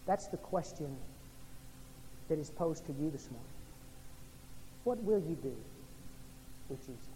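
A male pastor delivering a sermon, swinging from loud emphasis down to quiet, hushed lines. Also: on the high side, animated, a little slow, a little hiss or hum. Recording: reverberant hall with faint ambience.

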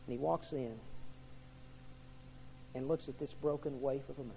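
A man preaching a sermon as pastor, swinging from hushed to loud and repeating his questions to the congregation. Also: mid-range voice, steady tone, moderate pace, gravelly, a little hiss or hum.

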